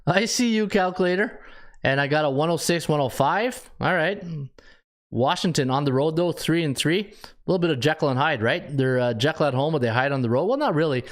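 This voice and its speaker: Excitable rambling man hosting a podcast. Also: on the high side, a little fast. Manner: rambling and excitable, laughing at his own lines; ranting, with many restarts. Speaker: sports betting podcast host. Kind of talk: casual sports betting chat.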